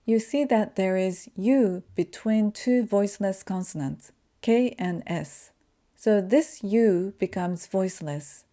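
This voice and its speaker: Mellow-voiced woman teaching pronunciation. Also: mid-range voice. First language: Japanese. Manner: slow, careful demonstration of sounds. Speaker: language teacher. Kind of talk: pronunciation lesson.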